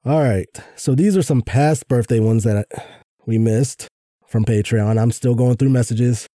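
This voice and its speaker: Laid-back man with a dark voice. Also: mid-range voice, unhurried, no room sound, clean studio sound. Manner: laid-back, rambling asides. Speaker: podcast co-host. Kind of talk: casual podcast chat.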